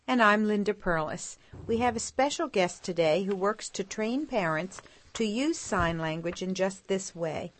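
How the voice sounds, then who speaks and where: A woman co-hosting a parenting show, reading a scripted guest introduction in a measured, even way. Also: medium pitch, a little hiss or hum. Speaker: radio show co-host.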